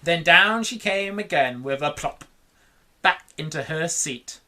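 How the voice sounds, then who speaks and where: A woman reading a children's book aloud in an animated, dramatic way. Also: low-pitched, slow. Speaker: storyteller.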